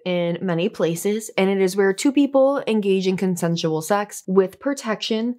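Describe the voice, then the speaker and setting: A woman's voice: mid-range voice, moderate pace, a little mellow. A woman hosting a commentary vlog, talking in a chatty, offhand way with filler asides. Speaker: commentary channel host.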